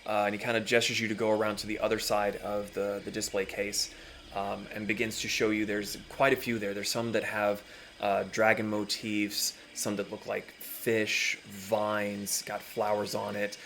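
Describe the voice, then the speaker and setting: A man's voice: fairly low pitch, flat delivery, normal speed, fairly bright tone, a little hiss or hum. A man narrating a tabletop game as dungeon master, describing scenes at an easy pace with many fillers.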